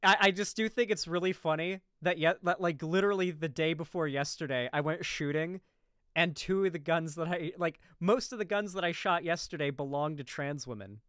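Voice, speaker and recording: A man rambles through a casual reaction stream, doubling back on his words and tossing in asides. His voice sits a little high and comes across smooth and resonant. The sound is close and dry, with no room around it. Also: moderate pace, a bit bright, dry recording. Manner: rambling, with frequent restarts and asides.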